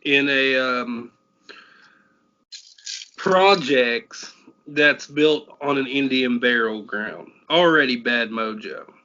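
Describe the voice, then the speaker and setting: A man from Tennessee, co-hosting a podcast and telling his own ghost story in a quick, chatty way. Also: medium pitch, bright, forceful tone. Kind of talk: casual chat. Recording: muffled lo-fi podcast audio.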